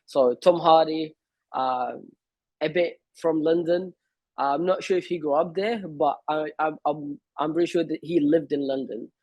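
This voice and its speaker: Husky-voiced hesitant male guest. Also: a little high, measured pace, a little mellow, no room sound, highs cut off. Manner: hesitant, many fillers and restarts. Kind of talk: casual conversation.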